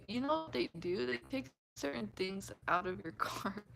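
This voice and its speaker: A woman's voice: medium pitch, lively intonation, normal speed, vocal fry, hardly any pauses, fairly bright tone, faint music behind, low-quality recording. A woman chatting casually with her viewers, laughing often and acting out what people said. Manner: giggly, laughs often, acts out quotes. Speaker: livestream host chatting with viewers. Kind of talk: casual chat.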